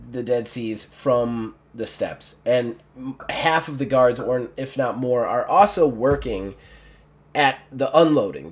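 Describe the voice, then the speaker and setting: A man running a tabletop game as game master, narrating in a rambling way full of fillers and restarts. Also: medium pitch. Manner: rambling, filler-heavy, self-correcting.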